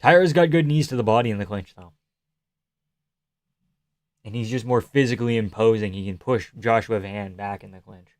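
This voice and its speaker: A man's voice: fairly low pitch, moderate pace, pauses often, darkish tone, no room sound, clean studio sound. A man hosting a live stream, casually and profanely analyzing fights and answering chat questions.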